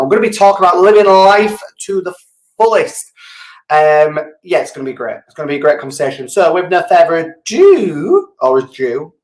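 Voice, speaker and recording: Chatty, animated man hosting. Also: on the high side, roomy sound. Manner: chatty, self-mocking, rambling asides. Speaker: show host. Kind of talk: casual live show chat.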